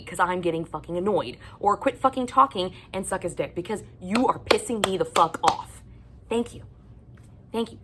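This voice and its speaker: Woman, book vlogger, blunt profane rant, lowish voice, casual talk to camera. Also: a bit bright. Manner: blunt, profane, exasperated ranting. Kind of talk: casual ranting monologue.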